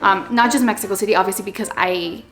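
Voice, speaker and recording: A young woman talking casually to the camera at home, chatty and animated, slipping Spanish words into her English. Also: mid-range voice, fast, soft background music. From Los Angeles, USA. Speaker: vlogger. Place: home with a Christmas tree.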